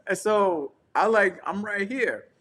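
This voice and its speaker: A man's voice: high-pitched, animated, takes it slowly, fairly bright tone, breathy edge. A man co-hosting a casual talk show from his couch, telling a travel story with slang and acting out the people in it. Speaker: podcast co-host and traveling preacher. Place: home couch.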